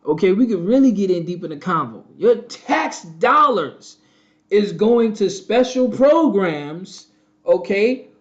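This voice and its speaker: A man's voice: high voice, very animated, slow pace. Preachy man on a lo-fi stream. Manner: preachy, repetitive, addresses viewers as family. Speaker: channel host. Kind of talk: casual live-stream commentary.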